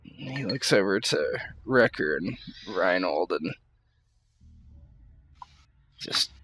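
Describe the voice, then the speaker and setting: Brief: male player, unhurried, hedging, soft delivery. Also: low voice, lively intonation, slightly rough. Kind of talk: describing his character's actions.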